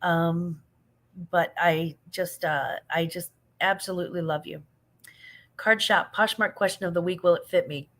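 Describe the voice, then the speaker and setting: A woman's voice: on the low side, fairly even intonation, unhurried, a bit bright. A middle-aged woman hosting a casual live chat, answering viewers with laughs and affection while yawning and sleepy. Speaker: livestream host answering chat.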